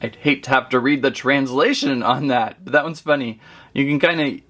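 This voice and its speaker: A man's voice: mid-range voice, normal speed, a bit bright. A man chatting his way through a casual toy unboxing review, rambling and easily amused.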